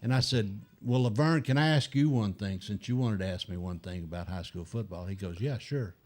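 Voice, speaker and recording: An older man telling animated anecdotes as a guest in a casual chat, acting out other people's lines. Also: fairly low pitch, a little fast.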